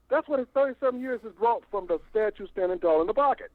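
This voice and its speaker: An older man calling in by phone to a fan show, talking in a long, animated, stammering rant. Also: sits high, fast, few pauses, no room sound. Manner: animated, repeats himself, stammering restarts. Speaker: phone-in caller. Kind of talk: rambling call-in rant. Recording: tinny phone line, dry.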